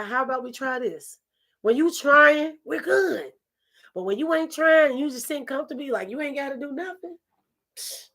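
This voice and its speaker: Sassy high-voiced woman host. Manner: sassy, emphatic, calls listeners baby. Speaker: talk show host. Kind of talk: candid opinion talk.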